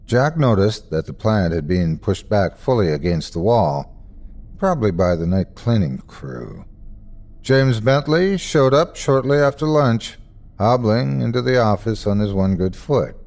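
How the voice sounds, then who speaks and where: A male host narrating a scary story with dramatic, expressive storytelling. His voice sits low and moves a lot in pitch, rising and falling as he builds tension. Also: measured pace. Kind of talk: scripted horror story narration.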